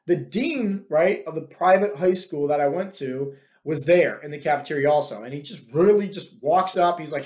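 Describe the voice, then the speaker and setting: A man's voice: on the high side, animated, moderate pace, a little mellow. A man from Ohio hosting a podcast and telling personal stories in a rambling, casual way, often tagging sentences with "right?". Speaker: podcast host. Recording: echoey room.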